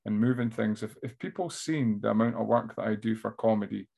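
A man with an Aberdonian Scottish accent, a stand-up comedian telling animated stories as an interview guest. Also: lowish voice, fairly quick, creaky, husky. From Scotland. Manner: animated storyteller who slips into voices. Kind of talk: casual interview chat.

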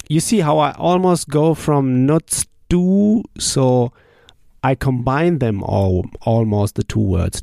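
Gravelly man teaching a drill lesson. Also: medium pitch, warm tone, no echo, clean studio sound. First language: German. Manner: patient, asks then answers, repeats phrases slowly. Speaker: language teacher. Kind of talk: spoken language drill lesson.

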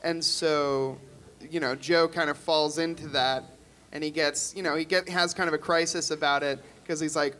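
A man's voice: fairly high pitch, moderate pace, a bit bright. A man, an actor guest, talking casually in a rambling, self-deprecating way. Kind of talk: casual chat.

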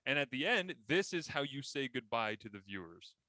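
A podcast host with a bright, forward voice. He chats casually and tells stories with lively enthusiasm. The sound is dry and close, with no room echo. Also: medium pitch, moderate pace. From Ontario, Canada. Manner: enthusiastic, animated storytelling. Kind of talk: casual interview chat.

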